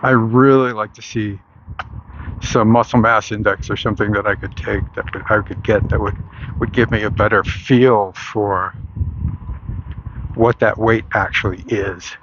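A man's voice: fairly low pitch, fairly even intonation, measured pace, muffled recording, background noise. A man in casual rambling talk while walking outdoors on a street, restarting his sentences and laughing wryly. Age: adult, long into adult life. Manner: rambling, self-correcting, wry laughs. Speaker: vlogger.

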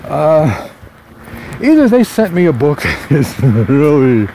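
Faint traffic and street sounds surround a man outdoors as he, an author, vlogs casually about his morning. He rambles, restarts and drops small fillers, his fairly high voice sing-song and slow, mellow and warm rather than bright.

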